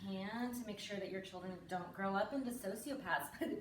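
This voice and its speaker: A woman's voice: medium pitch, fairly quick, slight background noise. A middle-aged woman performing a stand-up comedy set on a live stage, chatty and confiding, often tagging her lines with "right?". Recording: roomy sound from a distance.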